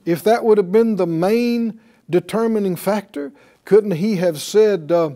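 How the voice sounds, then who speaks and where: Man, Bible teacher, slow delivery, mellow tone, conversational, rhetorical questions. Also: high voice. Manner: conversational, asks the class rhetorical questions, chuckles often. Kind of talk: teaching sermon to a class.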